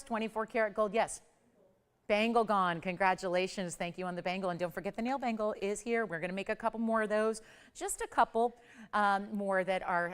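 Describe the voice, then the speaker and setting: A woman's voice: medium pitch, clear, resonant tone. A middle-aged woman hosting live TV jewelry sales, chatty and gushing in an upbeat sales patter. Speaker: shopping channel host. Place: TV studio.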